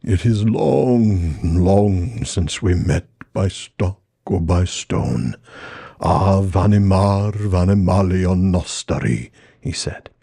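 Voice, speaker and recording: A man doing a slow ancient tree giant. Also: deep voice, animated, vocal fry, warm tone, slightly rough, dry recording, clean studio sound, heavily acted. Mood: reverent. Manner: slow, drawn-out and measured.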